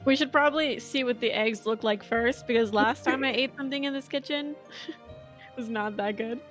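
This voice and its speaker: Woman player, soft and wry, slightly high voice, faint music. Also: normal speed. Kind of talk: casual chat.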